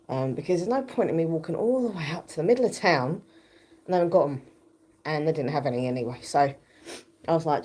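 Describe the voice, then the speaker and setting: Woman, low voice, husky, croaky, chatty livestream, exercise bike, phone mic. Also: animated, fairly quick, warm tone. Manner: chatty, rambling, laughs often while pedaling. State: croaky, just woken up. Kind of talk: casual livestream chat. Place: home, indoors, on an exercise bike. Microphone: phone held close.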